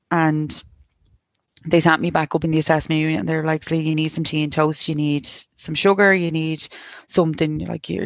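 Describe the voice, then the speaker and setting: An Irish woman in her thirties speaks with a gravelly edge, halting and restarting as she recounts a painful story and quotes the people around her. The recording is close and dry, with a slightly dull, lo-fi tone. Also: low-pitched, no room sound. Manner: halting, many restarts and likes, quoting others. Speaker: guest sharing a personal story. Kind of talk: emotional personal account.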